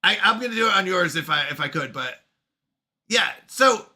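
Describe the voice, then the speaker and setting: A man streaming live, chatting casually with his community and answering chat, self-deprecating and quick to laugh at himself. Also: high-pitched, lively intonation, bright, forceful tone. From Canada.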